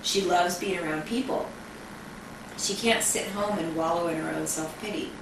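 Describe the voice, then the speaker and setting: A young woman with a fairly low voice speaks at a moderate pace, chatting frankly with a friend at an outdoor hangout spot and using lots of fillers. She's being filmed on a camcorder mic from a distance, so the home video sounds echoey, distant and noisy.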